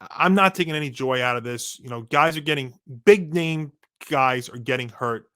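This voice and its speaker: A man co-hosting a sports podcast, ranting in a casual, animated way with frequent restarts, his voice going hoarse. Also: mid-range voice, normal speed. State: losing his voice. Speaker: podcast co-host.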